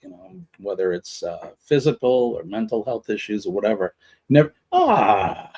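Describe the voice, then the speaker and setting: A man's voice: on the low side, expressive, moderate pace, a little mellow, breathy edge. Earnest motivational man on a live chat show. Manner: earnest, motivational, rambling with fillers. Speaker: morning show co-host.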